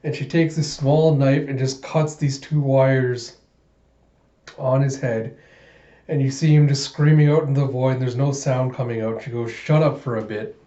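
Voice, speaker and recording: Mellow-voiced man retelling a comic with laughter; dull, roomy home recording. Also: medium pitch, a little slow. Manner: animated retelling, laughing often. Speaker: channel host. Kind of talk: comic book readthrough. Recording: muffled echoey room.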